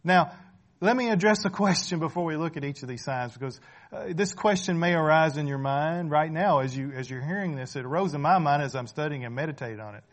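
A man's voice: a little high, a little fast. A man preaching a sermon in a conversational way, asking rhetorical questions, checking in with the listeners and repeating phrases for emphasis.

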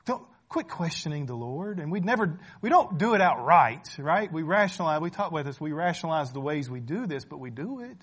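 A man delivering a sermon with a fairly high voice. He talks casually, poses questions to his listeners and repeats key phrases to drive them home. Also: sing-song, fairly quick, hardly any pauses, fairly bright tone, husky. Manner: rhetorical questions, often checking in with "right?"; repeats phrases for emphasis, conversational. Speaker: preacher.

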